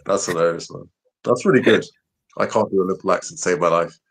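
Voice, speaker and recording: Laid-back low-voiced man. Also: fast, breathy edge. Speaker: fan channel co-host. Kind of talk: casual post-match fan chat.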